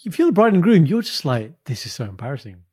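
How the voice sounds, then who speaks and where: A man's voice: a little high, big pitch swings, fast, a little mellow, husky. A man hosting a casual podcast, firing jokey, probing questions at his guest.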